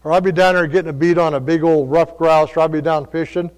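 A man preaching a sermon, telling stories in a folksy way that moves between quiet asides and loud calls. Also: on the high side, fairly even intonation, fast. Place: church. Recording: long reverb of a church hall.

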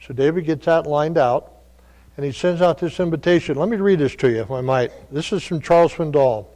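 Male preacher, fairly high voice, folksy storyteller, church hall reverb. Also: brisk. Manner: folksy storytelling, shifts between soft asides and loud calls. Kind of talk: sermon.

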